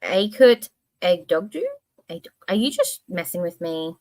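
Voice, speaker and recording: A woman's voice: fairly low pitch, expressive, unhurried, a little mellow. A woman hosting a casual livestream. She rambles from one thought to the next with lots of expression and a casual swear here and there. Now and then she reads comments from her chat aloud. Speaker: livestream host.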